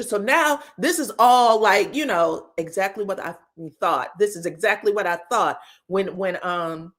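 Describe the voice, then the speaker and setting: A woman's voice: mid-range voice, a little slow, hardly any pauses. A woman hosting a casual reality TV recap, frank and profane, calling listeners baby and girl. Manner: animated, breaks into stutters and outbursts. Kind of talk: casual gossip commentary.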